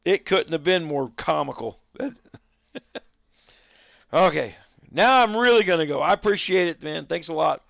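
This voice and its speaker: A man's voice: fairly high pitch, animated, normal speed, vocal fry, pauses often, a bit bright, no room sound, muffled recording. A man streaming and casually rambling through a funny story to his viewers. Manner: rambling storyteller, chuckling, talks to his dogs. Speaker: livestreamer.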